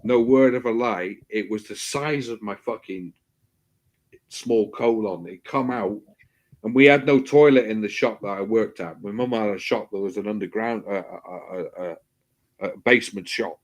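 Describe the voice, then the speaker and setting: A man's voice: fairly low pitch, normal speed. A man hosting a stream, telling crude anecdotes with lots of swearing in casual chat. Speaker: stream host.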